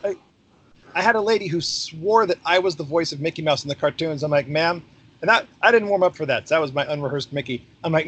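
A man's voice: fairly high pitch, brisk, husky. A middle-aged man, a podcast guest, telling stories in a casual interview and acting out the dialogue with energy. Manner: animated, acts out quoted dialogue. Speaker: podcast guest, former theme park ride skipper.

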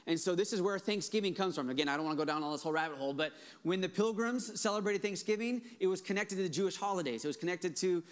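High-voiced enthusiastic male pastor. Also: fast talker. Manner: enthusiastic, conversational, with frequent restarts and fillers. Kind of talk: sermon.

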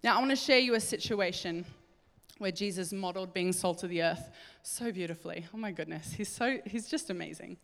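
A woman preaching a sermon, telling a Bible story in an animated way and acting out the voices. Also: lowish voice, brisk, creaky. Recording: hall reverb.

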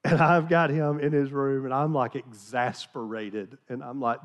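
A man's voice: mid-range voice, steady tone, normal speed, few pauses, muffled recording. A middle-aged man from the American South, a pastor telling a folksy, self-deprecating story in a sermon, chatty with many restarts.

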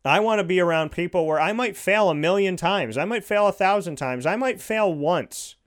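A man's voice: high-pitched, moderate pace. A man giving an earnest, heartfelt motivational monologue, repeating his points for emphasis.

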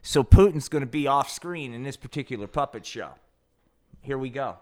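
A man's voice: medium pitch, expressive, moderate pace, a little mellow. A man hosting a podcast, improvising a comic puppet show and chatting in a loose, profane, rambling way. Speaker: podcast host.

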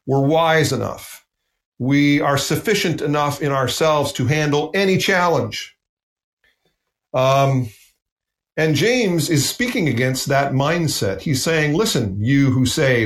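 A man's voice: mid-range voice, roomy sound. A man from the United States preaching a sermon in an earnest, emphatic way, repeating phrases for stress.

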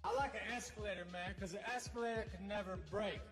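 A comedian doing a deadpan male stand-up comic. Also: mid-range voice, quick pace, over music, lightly acted.

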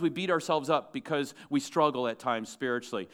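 A man, a pastor, preaching a sermon to his congregation in a church, asking the room questions and rising loud and animated when he quotes scripture. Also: mid-range voice, brisk, few pauses.

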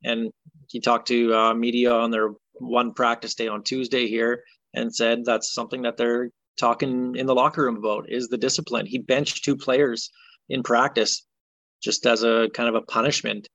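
A man's voice: medium pitch, flat delivery, moderate pace, a bit bright, no room sound. A man co-hosting a podcast, ranting in exasperation about a football game in casual chat. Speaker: podcast co-host.

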